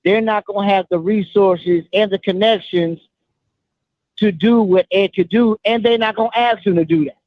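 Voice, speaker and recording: A man's voice: sits high, moderate pace, no room sound. A man calling into a show, making his point emphatically and repeating himself. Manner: repetitive, emphatic. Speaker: caller. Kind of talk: call-in opinion. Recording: tinny phone line.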